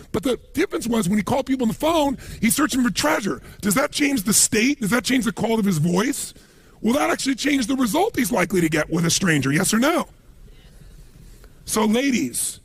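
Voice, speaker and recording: A middle-aged man speaks in a high, gravelly voice with a raspy, husky edge. He gives a motivational seminar talk, telling stories with lots of animation. The sound is close and dry. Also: no room sound. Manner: animated storytelling, acts out quoted voices.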